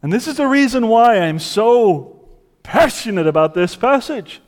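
A man preaching a sermon with passion, dropping to a hush and then rising to loud cries. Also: very high voice, lively intonation, unhurried, in a large hall. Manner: impassioned, swings from hushed to loud cries. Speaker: pastor.

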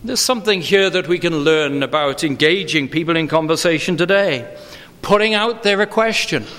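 A man preaching a sermon in an earnest, emphatic way, slowing down to stress key phrases. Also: high voice, fairly bright tone. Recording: long reverb of a large hall.

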